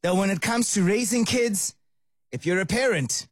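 A male radio host talking in a chatty, animated and opinionated way, with faint music behind. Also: high voice, normal speed. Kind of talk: casual radio chat.

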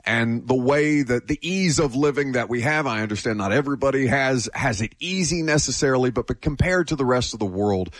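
A man's voice: mid-range voice, fairly quick, hardly any pauses, no echo. An American man co-hosting sports radio, musing in a reflective, rambling way with many restarts. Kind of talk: casual sports talk.

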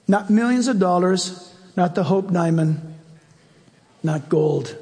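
A man's voice: high-pitched, darkish tone, long reverb tail. A male preacher giving an emphatic, conversational sermon and asking the congregation direct questions.

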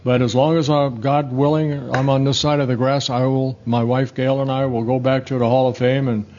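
A man in his seventies from the Netherlands, a former pitcher telling rambling, self-correcting stories in an interview. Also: flat delivery, normal speed, a little mellow, muffled recording. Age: 70s. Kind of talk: casual storytelling interview.

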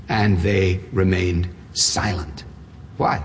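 A man's voice: mid-range voice, expressive, moderate pace, a little hiss or hum. A man preaching a sermon, building emphatic rhetorical questions with touches of wry humor. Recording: long reverb of a large hall.

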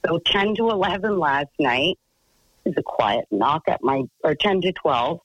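A woman's voice: low-pitched, lively intonation, unhurried, no echo, muffled recording. A woman caller rambles through a long personal story, piling on fillers and restarts. Her voice sounds close and dry, with no room around it. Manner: chatty, rambling, full of fillers.

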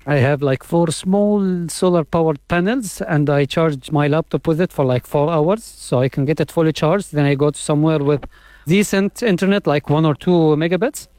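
A man from Gaza speaks conversationally in an interview, leaning on fillers as he goes. His voice sits somewhat high for a man, and the sound is dry and close. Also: moderate pace, darkish tone, no echo. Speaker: interviewee, freelance writer. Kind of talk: casual interview talk.

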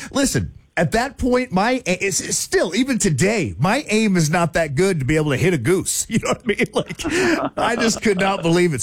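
Telling a story on his radio talk show, this high-pitched, excitable man sounds lively and swinging. The chatty, loose delivery is packed with laughs and shouted asides, and the audio is close and dry without any echo.

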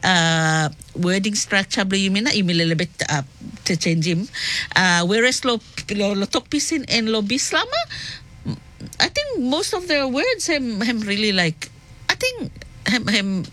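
A woman from the Solomon Islands with a Solomon Islands accent, presenting on radio in a casual, halting way, switching between English and Pidgin. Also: medium pitch, sing-song, fairly bright tone. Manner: halting, code-switching, many fillers. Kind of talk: casual on-air explanation.

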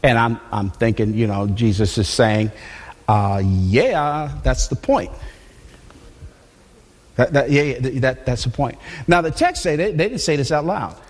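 A man's voice: mid-range voice, normal speed. A man preaching a sermon in a loose, conversational way, restarting and repeating words as he talks. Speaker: pastor. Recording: long hall reverb.

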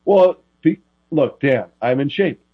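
A man who is a former quarterback, talking as a guest in a casual interview, telling rambling, animated stories full of restarts. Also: a little high, unhurried, slightly rough, no room sound, dull audio.

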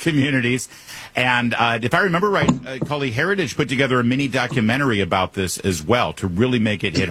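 A man's voice: fairly low pitch, fairly bright tone, slightly rough. A man hosting a talk radio show, interviewing a guest with emphatic opinions and frequent restarts.

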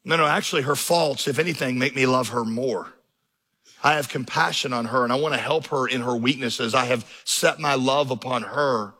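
A man's voice: medium pitch, normal speed, sharp tone, breathy edge. A man preaching a sermon as pastor, telling stories and building to impassioned emphasis. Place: large church auditorium. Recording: reverberant hall.

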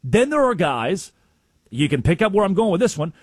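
A man co-hosting a sports talk show, telling stories with excitement and acting out what coaches said. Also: sits high, moderate pace, breathy edge, dry recording. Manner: excitable storyteller, acts out quotes, exclaims.

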